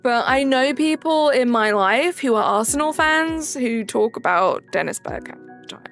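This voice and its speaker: A woman's voice: fairly high pitch, lively intonation, normal speed, gravelly, a bit bright, faint music behind. A young woman streaming a game, chatting casually and answering chat messages aloud.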